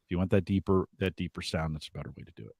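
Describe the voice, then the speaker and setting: A man's voice: sits low, racing, gravelly, darkish tone, no echo, studio quality. A man co-hosting a live podcast, giving advice in a reflective, thinking-aloud way. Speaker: podcast co-host.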